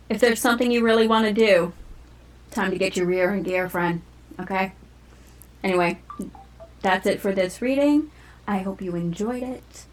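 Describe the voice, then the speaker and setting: A woman's voice: mid-range voice, low-quality recording. A woman doing a casual, rambling tarot reading for her viewers, full of fillers, asides and the odd swear word. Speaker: tarot reader.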